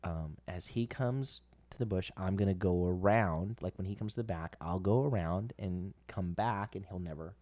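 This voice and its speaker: A man with a fairly low voice tells a childhood story on a podcast. He rambles and stops to correct himself, and he laughs as he tells it. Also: normal speed, hardly any pauses, a little mellow. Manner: rambling, self-correcting, laughs while telling. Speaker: podcast co-host. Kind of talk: casual storytelling chat.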